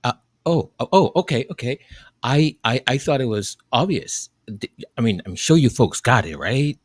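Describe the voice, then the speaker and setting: A male commentary host reacting sarcastically to news clips, mocking and drawn-out, often laughing. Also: mid-range voice, lively intonation, dry recording, studio quality.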